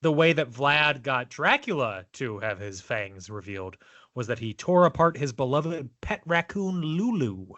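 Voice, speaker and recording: A man's voice: mid-range voice, sing-song, measured pace, a bit bright, dry recording, muffled recording. A man co-hosting a film podcast in casual chat, reading out trivia and teasing his co-host. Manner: reads trivia, playful and teasing.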